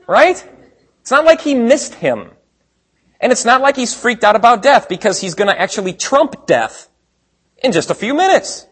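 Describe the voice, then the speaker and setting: A man preaching a sermon in a conversational way, asking rhetorical questions and swinging between quiet asides and emphatic points. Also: extremely high pitch, very animated, normal speed, breathy edge. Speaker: pastor.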